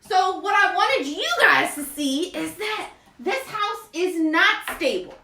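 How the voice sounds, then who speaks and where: A high-pitched woman runs a playful lesson for her young child, her voice swinging up and down as she coaxes and repeats words slowly for the child to copy. She is recorded in an echoey room, some distance from the microphone. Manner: animated, coaxing teacher, repeats words slowly. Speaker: parent teaching her child. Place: indoor room with a computer and slides.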